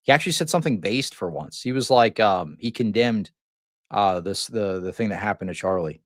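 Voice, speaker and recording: A man's voice: lowish voice, animated, brisk, no room sound, studio quality. A man streaming live, commenting in a rambling, mocking way with lots of restarts and chuckles.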